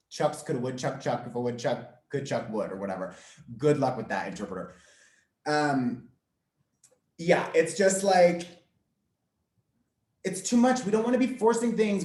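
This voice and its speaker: Casual swearing guy running an astrology workshop, kinda high voice, echoey room. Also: darkish tone. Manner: chatty, swears casually, fillers like "like".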